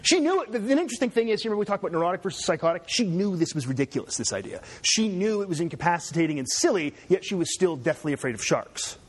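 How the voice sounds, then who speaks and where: Chatty male lecturer, higher voice. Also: sing-song, very fast, few pauses, slightly rough. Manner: chatty, asks students "right?". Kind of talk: classroom lecture.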